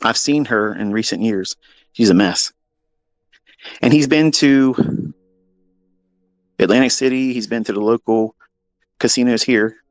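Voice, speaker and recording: A man telling a story in a profane, animated, mocking way, as a trading mentor talking to his audience. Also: lowish voice, a little slow, pauses often, dry recording. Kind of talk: casual storytelling monologue.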